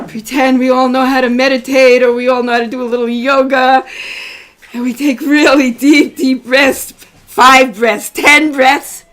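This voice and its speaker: A middle-aged woman, a rebbetzin, giving a heartfelt religious class to a small room, emotional and fond of repeating her phrases. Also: sits high. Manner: emotional, repeats phrases, warmly greets arrivals.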